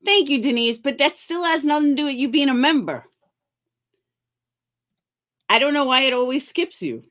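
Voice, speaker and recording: A middle-aged woman chats casually on a home livestream mic. Her pitch swings a great deal as she greets viewers by name and tosses in sarcastic asides. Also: lively intonation, normal speed, a bit bright. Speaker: livestream commentary host.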